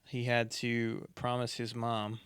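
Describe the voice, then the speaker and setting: A young man co-hosting a casual podcast chat, joking around and sometimes breaking into high falsetto singing. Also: completely flat delivery, takes it slowly, a bit bright, clear, resonant tone, no room sound. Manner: jokey, bursts into high falsetto singing and impressions. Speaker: podcast co-host.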